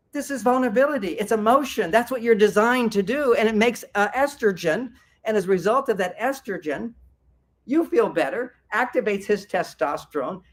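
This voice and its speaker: Animated man giving a workshop talk. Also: high voice. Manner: animated, acts out example dialogues. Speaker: workshop speaker. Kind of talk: seminar talk to a live audience.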